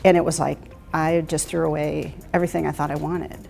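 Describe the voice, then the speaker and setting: A woman's voice: low-pitched, flat delivery, fairly quick, vocal fry. A middle-aged woman telling her career stories in an interview, candid and reflective, often restarting her sentences. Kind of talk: interview storytelling. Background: soft music.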